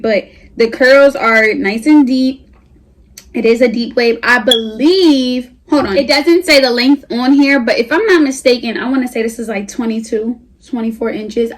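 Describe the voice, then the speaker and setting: A young woman, reviewing a wig in a casual vlog at home, chatty and hyped, a little out of breath. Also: fairly high pitch. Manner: chatty, slangy, hyped and animated. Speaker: beauty vlogger.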